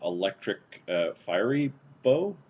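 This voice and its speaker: A man with a lowish voice plays a tabletop game, talking casually and working through numbers aloud. A faint hiss sits under his voice. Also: very animated, slow, dull audio. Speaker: player.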